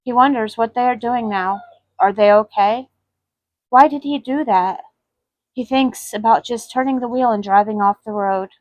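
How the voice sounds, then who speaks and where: Woman softly reading her own sad story. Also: fairly high pitch, moderate pace, no room sound, highs cut off. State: voice cracking with emotion.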